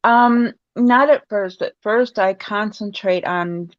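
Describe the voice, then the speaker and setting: A woman guest in a casual talk, speaking haltingly with many fillers and restarts. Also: medium pitch, dry recording, highs cut off. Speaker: podcast guest. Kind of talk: casual conversation.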